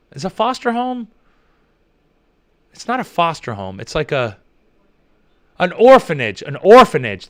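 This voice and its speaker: A young man chatting casually in a vlog, reading out viewer comments in a rambling, profane, animated way. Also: a little high, clean tone, dry recording, clean studio sound. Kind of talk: casual chat.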